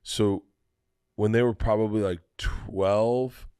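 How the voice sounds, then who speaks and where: A man in his forties telling a long story on a podcast, animated and profane, laughing through it. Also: lowish voice, slow pace, clear, resonant tone, no room sound, studio quality. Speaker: podcast host. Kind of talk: casual storytelling chat.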